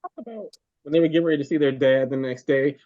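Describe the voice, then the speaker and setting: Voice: medium pitch, animated, fast talker, warm tone, dull audio. A podcast co-host in casual chat about a TV episode, making wry, teasing asides.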